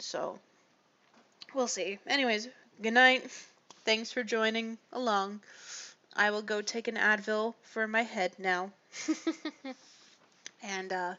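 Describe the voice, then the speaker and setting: Woman livestreamer, worn out and apologetic, slow, slightly high voice, muffled lo-fi recording. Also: fairly bright tone. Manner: rambling, apologetic, with frequent sighs and small laughs. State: tired. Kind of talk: casual livestream chat with viewers.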